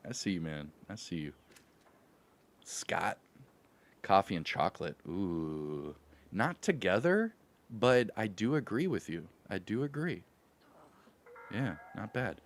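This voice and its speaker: A man's voice: fairly low pitch, sing-song, takes it slowly, long pauses. A man from Louisville hosting a gaming livestream, greeting his chat in an upbeat, slangy way and laughing often. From Louisville, Kentucky. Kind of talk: casual livestream chat with viewers.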